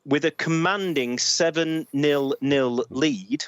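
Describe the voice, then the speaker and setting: A man's voice: on the high side, slow pace, no room sound. A man with a Northern English accent hosting a casual podcast quiz, reading clues carefully and chuckling between answers. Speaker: podcast quizmaster.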